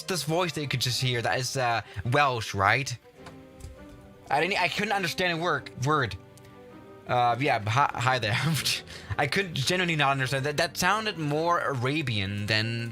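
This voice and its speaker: A man's voice: medium pitch, pushed and bright. A man hosting a livestream and commenting casually on his game, rambling and exasperated, with mild swearing. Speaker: livestream host.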